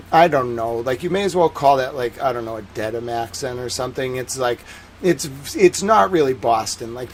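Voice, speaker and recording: A man with a Massachusetts accent hosts a livestream. He chats in a loose, rambling way at a middling pitch and leans heavily on "like" as he works out his thoughts. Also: slight background noise. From Massachusetts, USA. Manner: rambling, heavy use of "like" fillers. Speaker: livestream host. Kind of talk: casual livestream chat.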